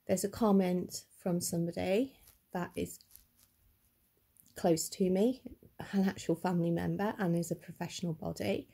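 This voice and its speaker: Middle-aged woman, upset vlogger, halting and stammering, slow husky delivery, mellow tone. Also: mid-range voice. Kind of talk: personal vlog to camera.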